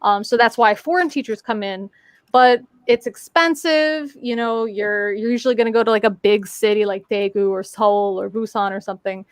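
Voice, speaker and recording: A woman's voice: medium pitch, normal speed, smooth, no echo, studio quality. A woman in casual chat on a live stream, telling a story with lots of fillers and playful voice mimicry. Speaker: guest on a live talk stream.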